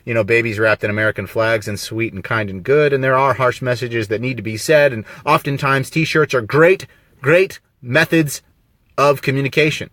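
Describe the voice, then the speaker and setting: A man's voice: mid-range voice, steady tone, moderate pace, fairly bright tone, no echo. A man talking on a live video stream, rambling and emphatic, full of rhetorical questions. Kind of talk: casual live-stream monologue. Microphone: phone on a mobile signal.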